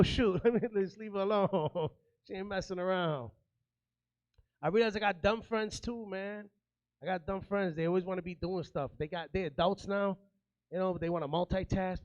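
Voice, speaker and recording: High-voiced man doing stand-up comedy. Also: a little mellow, dry recording, highs cut off. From New York. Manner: streetwise, loose, chatty, working the crowd.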